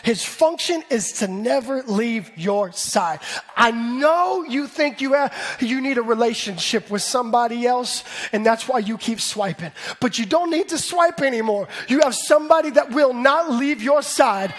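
A man in his thirties preaching a sermon in an animated way, building up to shouts. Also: very high-pitched, moderate pace. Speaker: pastor.

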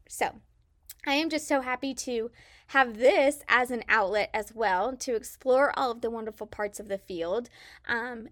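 This is a woman from Kansas with a slight Southern twang, talking enthusiastically on a podcast. Her voice sits a bit high and sounds close and dry at the mic. She rambles warmly and drops in "um" now and then. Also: dry recording. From Kansas, USA. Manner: enthusiastic, chatty, frequent "um" fillers. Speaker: podcast co-host, childcare specialist. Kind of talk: casual podcast monologue. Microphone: podcast microphone.

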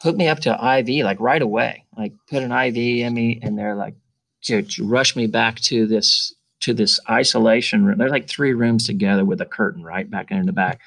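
Animated and casual, this middle-aged podcast guest performs the dialogue as he tells his story. He speaks at a moderate pace in a mid-range voice with some vocal fry, recorded without echo.

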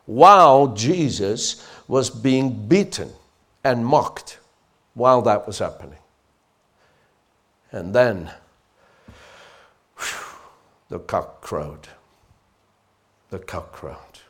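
Dramatic, slow-paced male pastor preaching. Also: medium pitch, expressive. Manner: dramatic, swinging from loud exhortation to hushed lines; calls for congregation responses. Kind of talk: sermon.

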